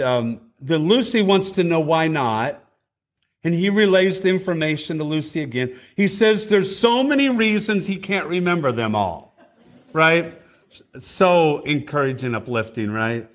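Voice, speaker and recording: A man's voice: on the high side, animated, slow pace. A middle-aged man preaching a sermon in a church, telling a story and asking the congregation direct questions. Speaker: district superintendent preaching. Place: church sanctuary.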